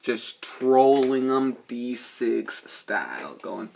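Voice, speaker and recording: Gravelly, husky-voiced guy reviewing a movie. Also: medium pitch, expressive, slow pace, a bit bright. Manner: rambling, profane, laid-back. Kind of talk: casual spoken film review.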